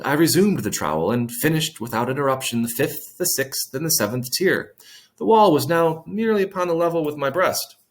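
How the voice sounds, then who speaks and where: A man reading a classic short story aloud, stopping to explain old words in plain terms and adding dry asides. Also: mid-range voice. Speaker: reader.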